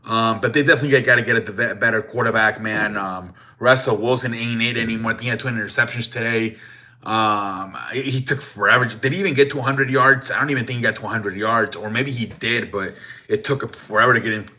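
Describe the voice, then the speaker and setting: Young dude on a sports show going off, cussing, stumbling over words, bright edgy voice. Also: male voice, medium pitch, fast talker. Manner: profane, rambling, frequent restarts and "man" tags. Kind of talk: casual sports rant.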